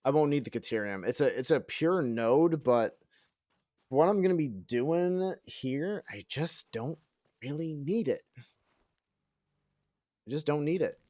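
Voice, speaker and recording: A man with a fairly high but dark-toned voice speaks in an animated, unhurried way on a dry, studio-quality recording. Streaming a game, he chats casually, brags sarcastically, swears, ribs himself and thinks aloud.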